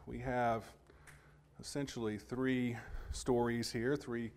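A man preaching a Sunday sermon and reading scripture aloud, speaking in a measured way with frequent pauses and restarts. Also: mid-range voice, flat delivery, a little mellow, smooth.

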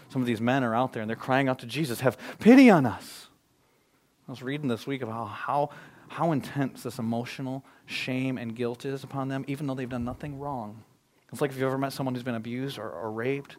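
A male pastor delivering a sermon with real passion. His voice sits at an ordinary middle pitch. He drops to near-whispers on his gravest points and swells again for emphasis. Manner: impassioned, swings from hushed to loud.

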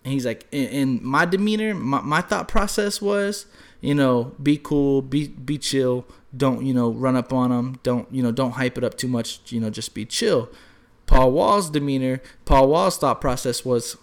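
A man's voice: medium pitch, normal speed. Swearing man telling stories. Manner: loose storytelling, heavy swearing, shouts when acting out quotes. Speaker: podcast co-host. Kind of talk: casual podcast chat.

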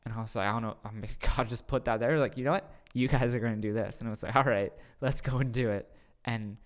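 A man, a youth pastor, telling a retreat story on a podcast in a casual, excited way, often repeating his words. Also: mid-range voice, quick pace.

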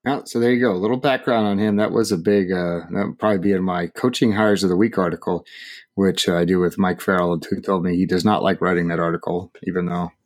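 Fairly low-voiced man hosting sports talk. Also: steady tone, fast talker. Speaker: host. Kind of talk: casual sports chat.

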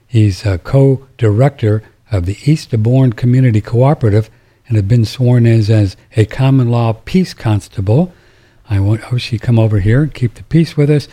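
A man hosts a casual talk radio show, rambling along with plenty of fillers and restarts. His voice is mellow and dark at a middle pitch. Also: moderate pace.

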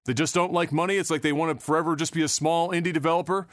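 A man's voice: on the high side, steady tone, very fast, fairly bright tone, dry recording. Male podcast host, sarcastic, swearing, offhand, rambling delivery, dry close sound. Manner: loose delivery with many fillers and restarts. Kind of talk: casual gaming news chat.

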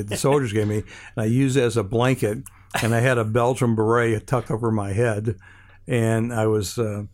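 A man's voice: lowish voice, a little mellow. An older man from Hawaii, an interview guest telling a rambling anecdote with many restarts and fillers, acting out the other people's lines as he goes.

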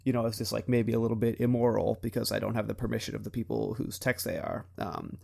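A man's voice: on the low side, little pitch movement, quick pace, vocal fry, warm tone. A young man in his twenties co-hosting a podcast, chatting casually and rambling with frequent laughs. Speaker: podcast co-host. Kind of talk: casual chat.

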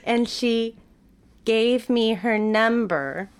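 A woman telling a story in casual chat as a guest, lively and laughing, acting out what people said. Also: on the high side, very slow, smooth. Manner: animated, laughing, acts out quotes.

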